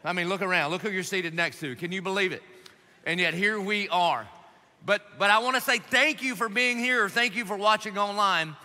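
A man preaching a lively sermon as pastor to a church congregation, animated and joking, pleading and emphatic in turn. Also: high-pitched, a little fast. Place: large church auditorium. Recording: long reverb of a large church hall.

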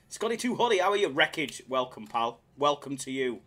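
A man chatting casually on his live slots stream, excitable and self-mocking, swearing freely as he reads the chat. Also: medium pitch, a little fast.

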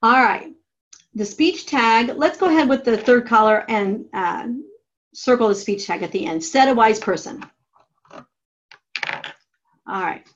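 A woman writing teacher giving a classroom grammar lesson, dictating each step slowly and deliberately. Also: on the high side, lo-fi sound. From United States. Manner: slow, deliberate dictation of steps.

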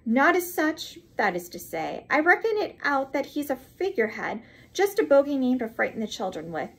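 A woman's voice: high-pitched, big pitch swings, normal speed, voice pushed up, rough recording. A woman reading aloud and voicing a young American man who talks bluntly and with emphasis. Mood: emphatic.

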